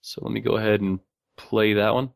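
A man co-hosting a podcast in casual chat, speaking in a flat, monotone way and laughing often. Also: fairly low pitch, brisk, creaky, smooth, no echo. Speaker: podcast co-host.

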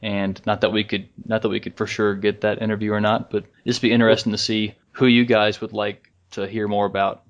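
A man co-hosting a casual fan podcast, rambling in a relaxed way, with restarts and chuckles. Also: lowish voice, fairly quick, few pauses, lo-fi sound. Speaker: podcast co-host.

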